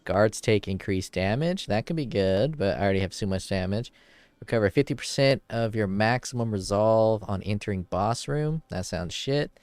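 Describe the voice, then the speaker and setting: A slightly low-voiced man streaming a video game, chatting casually and swearing often. He gets excited over loot and reads the on-screen text aloud as he plays. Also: moderate pace, clear, resonant tone, dry recording. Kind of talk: casual gameplay commentary.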